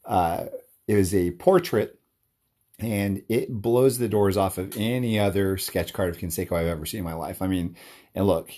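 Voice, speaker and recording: A man with a very low voice talks to his audience in a relaxed, rambling monologue. He is eager and keeps circling back with fillers and restarts. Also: normal speed. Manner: enthusiastic. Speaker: card collector talking to his audience. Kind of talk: casual monologue.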